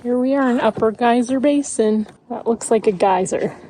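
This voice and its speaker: A woman's voice: fairly high pitch, normal speed, mellow, slight background noise. A young woman narrating a casual travel vlog outdoors, chatty and playful. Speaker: vlogger. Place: outdoors in national parks and campground. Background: music.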